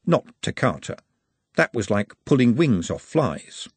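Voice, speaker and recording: A man narrating a comic novel as an audiobook in an expressive, wry storytelling manner. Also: medium pitch, measured pace, breathy edge, dry recording.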